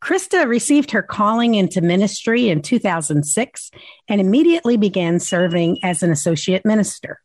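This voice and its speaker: A woman's voice: mid-range voice, darkish tone. A woman co-hosting a podcast, chatting casually and supporting her co-host, then introducing a guest.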